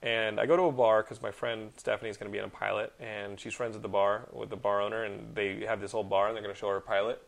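Gravelly man ranting and telling stories. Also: fairly low pitch, fast talker, hardly any pauses. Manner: animated storyteller, swears freely, rants loudly. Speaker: podcast host. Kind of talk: casual chat.

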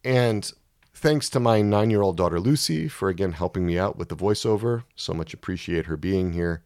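A man giving a sermon-style Bible teaching, emphatic and measured, reading scripture and explaining it. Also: low-pitched, darkish tone, no echo, studio quality. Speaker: Christian teacher.

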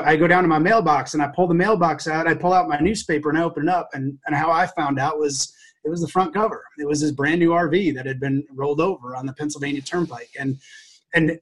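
A man, an educator, telling a personal story to a podcast host in an earnest, heartfelt way, often halting and restarting his sentences. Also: on the high side, a bit bright. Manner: acts out quoted dialogue.

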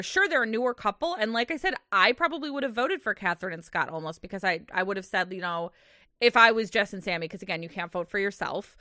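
A young woman recapping a reality show in a casual chat, rambling with lots of "like" and quick laughs. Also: mid-range voice, pushed and bright, dry recording, studio quality. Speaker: podcast co-host.

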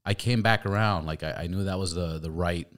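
Man, very deep voice, podcast host, casual chat, profane storyteller. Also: brisk.

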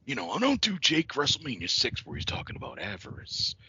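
Brief: a man putting on a gravelly, menacing wrestler voice, hushed and drawling, on a slightly dull, lo-fi recording. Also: huge pitch swings, no echo, exaggerated voice. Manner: low, slow, menacing near-whisper.

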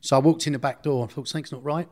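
A man's voice: fairly high pitch, fairly even intonation, rapid-fire, warm tone. A man recounting a personal story in an interview, blunt and slangy, often restarting his sentences.

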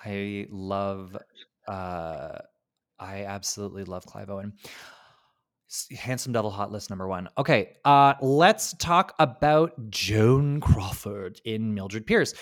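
Young male podcast co-host, lively and sweary, acts out bits. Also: on the low side, slow. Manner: animated, swearing, acts out quotes. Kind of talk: casual film chat.

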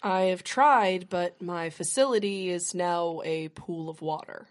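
A woman voices a flustered scholar of a ruined magic academy in a tabletop game, hesitant and earnest. She speaks a little slower and softer than her narration, stumbling over words. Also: fairly low pitch, close to an everyday voice.

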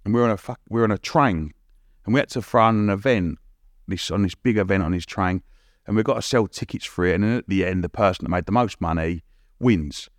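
Male guest, quick animated anecdote delivery, dry close mic. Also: low-pitched, no room sound. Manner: rapid, animated, lots of restarts and acted-out quotes. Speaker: podcast guest. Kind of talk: casual storytelling.

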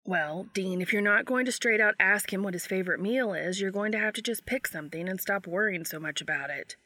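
A woman's voice: medium pitch, fairly quick, bright, forceful tone, no room sound, clean studio sound. A woman voicing a laid-back younger brother who teases and sounds exasperated, in a fan audiobook reading. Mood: teasing. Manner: teasing, exasperated.

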